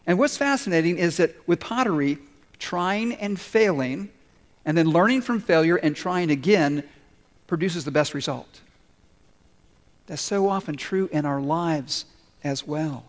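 A man's voice: on the high side, a little slow. A man preaching a sermon, telling stories and acting out the people in them as he goes. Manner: storytelling preacher, voices the people in the story. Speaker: pastor. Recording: long reverb of a large hall.

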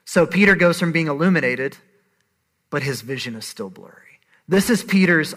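Man, 30s, pastor, lively sermon, slightly high pitch, casual asides. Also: moderate pace. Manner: animated, conversational, emphatic.

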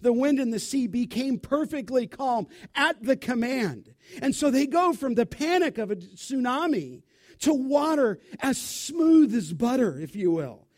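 A male preacher with a strikingly high voice, delivering a sermon. He talks in an animated, emphatic way and keeps it conversational, tossing rhetorical questions at his listeners. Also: unhurried.

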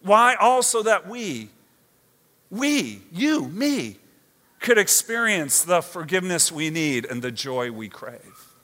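A male preacher with a high, bright voice delivers a conversational sermon. He mixes scripture reading with playful asides and keeps checking in with his listeners. His voice rings out in a hall with a long tail of reverb. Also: slow pace. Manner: expressive, conversational, asks the audience "right?". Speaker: pastor.

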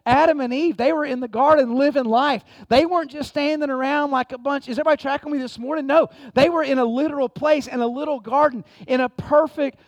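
A pastor preaches with a strikingly high voice, fervent and emphatic, often starting lines with "man". His voice is close and dry, with almost no room sound. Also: fairly even intonation, fast, few pauses, dry recording. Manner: impassioned preaching, reads scripture aloud, repeats "man". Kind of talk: sermon.

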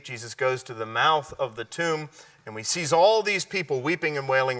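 A man preaching a sermon, often asking his listeners questions and answering them, sometimes dropping to a hushed, slow delivery. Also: mid-range voice, lively intonation, far from the mic. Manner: drops to a hushed, slow delivery at key points.

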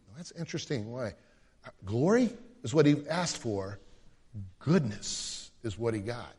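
A male pastor preaching a sermon in an animated way, acting out the voices of the people he quotes. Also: medium pitch, normal speed, in a large hall.

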